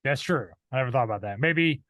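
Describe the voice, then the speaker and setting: A man's voice: mid-range voice, animated, fast talker, a bit bright, no echo. A man co-hosting a podcast, mostly giving short, laid-back agreeing replies in casual chat. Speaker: podcast co-host.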